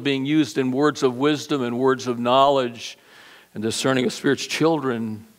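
A middle-aged male pastor preaching a sermon, swinging from loud raised bursts to quiet low asides and repeating words as he builds a point. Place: church sanctuary.

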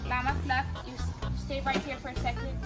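A woman's voice: sits high, level tone, brisk, over loud music. A woman vlogging playfully with her toy llamas, talking to them in a bubbly, sing-song way. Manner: bubbly, sing-song, talks to toys in baby talk. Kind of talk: playful kids' toy vlog narration.

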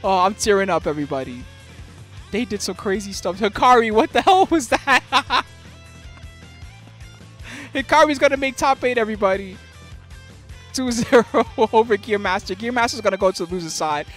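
A man's voice: high voice, lively intonation, normal speed, long pauses, fairly bright tone. A man hosting a live fighting-game tournament stream, commentating the matches with slangy banter toward chat and frequent laughter. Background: game music.

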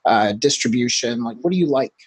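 A man hosting a marketing webcast, asking questions with hesitant fillers and quick affirmations. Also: mid-range voice, lively intonation, slightly rough, no room sound, rough recording. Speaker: webcast host. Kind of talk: casual webcast interview.

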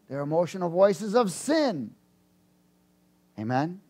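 A man preaching a sermon, animated, jumping from loud bursts to low asides and laughing between points. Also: normal speed.

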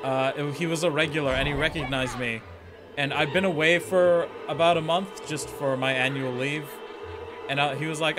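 A man's voice: fairly high pitch, steady tone, normal speed. A man streaming a video game, giving casual commentary with sarcastic, swearing jokes.

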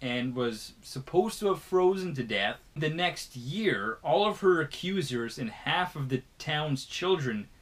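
Animated, lively man co-hosting. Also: on the high side, measured pace, hardly any pauses. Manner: lively storytelling, playfully dramatic. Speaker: podcast co-host. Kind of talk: casual chat.

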